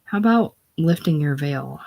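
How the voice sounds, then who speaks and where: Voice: medium pitch, animated, normal speed, gravelly, darkish tone. Kilroy, a reader doing a wisecracking drifter. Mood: wry. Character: young American drifter man, tough and wisecracking. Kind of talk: casual play reading.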